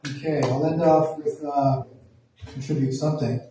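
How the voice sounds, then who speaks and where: A man from Toronto telling a profane, animated stand-up story, acting out the voices in quotes. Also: a little high, moderate pace, a little hiss or hum. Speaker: stand-up comedian. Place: small performance room. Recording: echoey room from far off.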